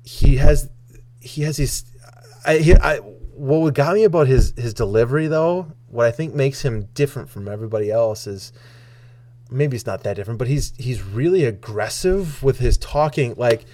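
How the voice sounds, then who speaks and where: A man talking casually on a podcast, rambling with many restarts and getting animated when he retells a comedian's bits. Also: medium pitch, normal speed. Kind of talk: casual chat.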